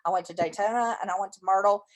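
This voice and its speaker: A woman chatting casually, telling stories with lively exclamations. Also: medium pitch, fast talker. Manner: animated, exclaiming storyteller. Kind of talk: casual chat.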